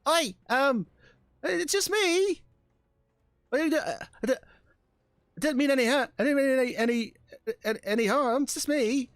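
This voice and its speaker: Man doing a cockney stowaway girl, high-pitched, cheeky, pleading, dry sound. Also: expressive, unhurried, long pauses, no room sound. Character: cheeky young female stowaway rogue.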